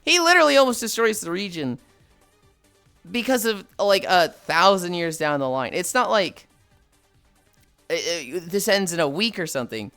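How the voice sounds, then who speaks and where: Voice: mid-range voice, big pitch swings, moderate pace, pauses often, pushed and bright, clean tone, no echo, faint music behind. A livestreamer chatting casually with viewers, reading chat aloud and ranting playfully with plenty of swearing. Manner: swears freely, reads and answers chat.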